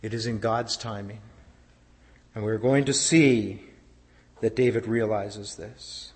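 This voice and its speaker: A pastor preaching a sermon, swinging from loud declarations down to hushed, almost whispered lines. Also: male voice, lowish voice, fairly even intonation, slow pace, in a large hall.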